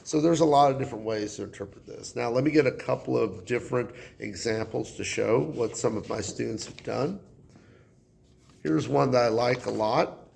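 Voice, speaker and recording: Male English teacher, deep fry in the voice, relaxed classroom explainer. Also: slight background noise. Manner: relaxed, conversational, with fillers. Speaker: high school English teacher.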